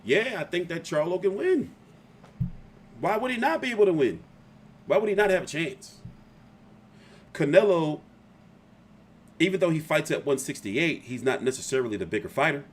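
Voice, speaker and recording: A man's voice: fairly high pitch, expressive, normal speed, pauses often, a little hiss or hum. A man hosting casual boxing commentary, rambling and opinionated, often profane.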